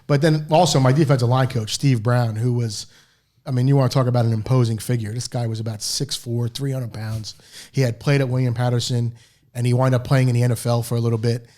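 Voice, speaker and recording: A middle-aged man talks as a podcast guest, racing through anecdotes at a brisk clip. His pitch sits in an ordinary middle range. He drifts between asides and acts out what his old coaches said. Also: steady tone, warm tone. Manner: rambling anecdotes, acts out quoted dialogue. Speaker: interview guest, football coach. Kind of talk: storytelling in a podcast interview.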